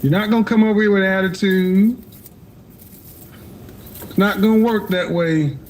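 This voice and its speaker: A man's voice: sits high, moderate pace, darkish tone, a little hiss or hum. Blunt, lecturing man on a call-in show. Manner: blunt, lecturing, cuts callers off. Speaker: advice show host. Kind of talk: live call-in advice show.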